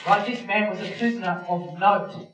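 A man's voice: high voice, normal speed, a bit bright. A man preaching a sermon, retelling a scene vividly and speaking straight to his listeners. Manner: vivid storytelling, addresses listeners directly. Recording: roomy, distant, dull sound with faint music.

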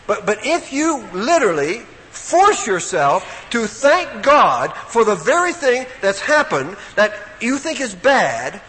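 A man's voice: very high-pitched, big pitch swings, takes it slowly, hardly any pauses, sharp tone. A man preaching a sermon in an emphatic, storytelling way, recorded in a hall. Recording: echoey hall, faint room noise.

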